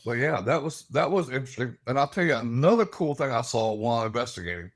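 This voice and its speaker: Guy spinning wild stories, pitch jumping all over, laughing a lot. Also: fast. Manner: lively, laughing, acts out voices in his stories. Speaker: guest, paranormal investigator. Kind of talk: animated storytelling.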